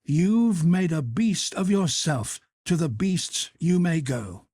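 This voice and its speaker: A man voicing a reckless drunken man who shouts at creatures in a raised, strained voice. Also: fairly high pitch, lively intonation, takes it slowly, dry recording, studio quality, heavily acted. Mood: bitter.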